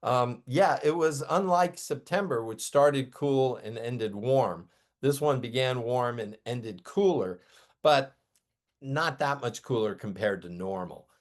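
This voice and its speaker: Man, guest weather expert, mid-pitched, measured and data-driven. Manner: measured, informative, cites figures. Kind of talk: conversational explanation.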